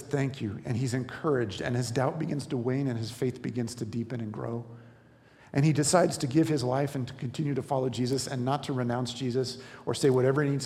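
Male pastor, mid-pitched, earnest sermon delivery with restarts, echoing church hall. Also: warm tone. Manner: earnest, explanatory, repeats words while building a point.

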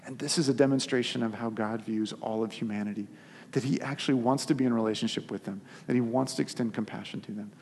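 A man preaching a sermon as a pastor, telling the story in an animated, conversational way. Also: medium pitch, quick pace, slightly rough. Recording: long hall reverb.

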